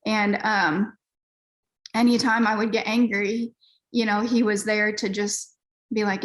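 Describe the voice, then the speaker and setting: A woman's voice: medium pitch, flat delivery, unhurried, long pauses. A woman pastor, a guest on a podcast, telling her story in a candid, earnest, casual way with frequent fillers.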